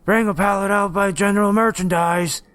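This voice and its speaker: A man doing a raspy, uncanny mimic. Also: high-pitched, fairly even intonation, normal speed, a bit bright, no echo, pitched above the performer's own voice. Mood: mocking. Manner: mocking imitation, odd and uncanny. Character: creepy tall man mimicking others' voices. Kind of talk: storytelling narration.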